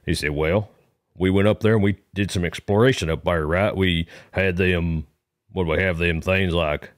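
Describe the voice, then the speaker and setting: A man's voice: deep voice, fairly even intonation, moderate pace, dry recording, studio quality. A man calling in to a comedy podcast, telling a meandering story in a folksy manner with rural grammar. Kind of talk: rambling comic monologue.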